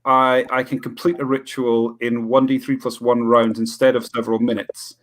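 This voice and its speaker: A man plays a tabletop game over a video call, talking through each move in detail. He hesitates and restarts often, at an ordinary middle pitch. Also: level tone, moderate pace. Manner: explains his moves with hesitant restarts. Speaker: player.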